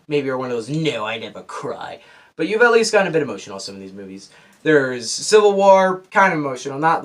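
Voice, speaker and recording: Excitable teenage boy reviewing a movie. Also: on the high side. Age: teens. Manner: rambling and excitable, with many restarts. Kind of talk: casual spoken movie review.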